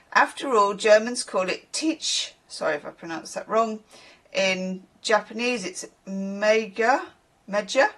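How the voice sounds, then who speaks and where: A woman's voice: mid-range voice, fairly bright tone. A woman reading a text aloud in a casual video, often breaking off to comment on it and apologise for her pronunciation. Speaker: tarot reader.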